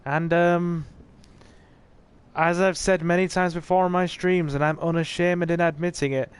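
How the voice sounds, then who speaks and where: A man's voice: a little high, little pitch movement, moderate pace, smooth. A man streaming a horror game, chatting casually with viewers and reading their comments aloud with jokey asides. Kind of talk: laid-back livestream commentary.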